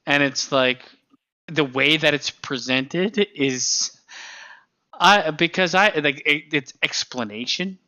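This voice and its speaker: A man hosting a podcast chats casually, his voice bright and forceful with a smooth, crisp edge. He rambles along with plenty of "like"s and small laughs. The sound is dry, with a slightly dull, lo-fi quality. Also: on the high side, slow pace, dry recording. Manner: rambling, filler-heavy, laughs mid-sentence. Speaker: podcast host. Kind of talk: casual chat.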